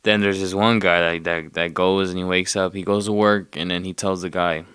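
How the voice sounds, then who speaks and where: Low-voiced male podcast host with a smooth tone, dry close sound, and casual profane rambling. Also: steady tone, moderate pace, a bit bright, no echo. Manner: loose, profane, loses his train of thought.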